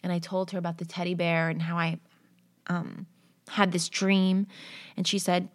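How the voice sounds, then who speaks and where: A young adult woman with a lower-than-usual voice shares stories in an easy, conversational way. Her talk is loose and unpolished, and she often pauses on "um" and "like" as she works through each tale. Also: little pitch movement, no room sound. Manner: conversational, with frequent fillers like "um" and "like". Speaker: storyteller. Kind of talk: casual spoken storytelling and reading of stories.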